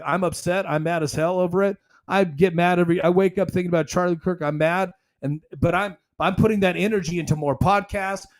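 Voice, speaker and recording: A man's voice: sits high, a little mellow. A man hosting a solo commentary podcast, talking emphatically in a rambling, conversational way. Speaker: podcast host.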